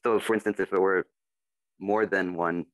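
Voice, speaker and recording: A man's voice: deep voice, steady tone, normal speed, no echo. A male student making a casual, eager comment during a class.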